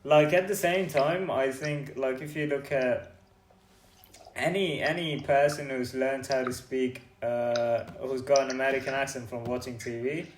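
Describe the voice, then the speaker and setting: A man's voice: mid-range voice, fairly even intonation, unhurried, reverberant, slight background noise. A man co-hosting a podcast in casual chat, opinionated and wry, with joking complaints. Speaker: podcast co-host.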